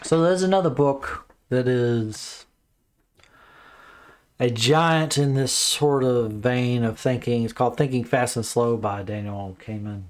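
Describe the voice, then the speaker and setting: A man's voice: medium pitch, a little slow. A man casually reviewing a book, reading the blurb aloud with stumbles, then rambling with many fillers and restarts while sounding mentally tired.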